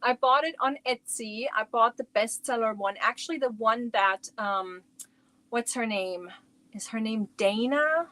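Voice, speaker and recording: A woman's voice: fairly high pitch, unhurried, sharp tone, no room sound. Chatty woman hosting a crochet livestream. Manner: chatty, rambling, talks to viewers by name. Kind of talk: casual chat on a livestream. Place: at home.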